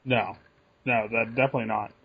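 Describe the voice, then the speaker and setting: A man's voice: medium pitch, fairly quick, gravelly, breathy edge. Laid-back man on a sports podcast. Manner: relaxed, thinking aloud with restarts. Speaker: podcast co-host. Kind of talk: casual sports podcast chat. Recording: muffled lo-fi sound.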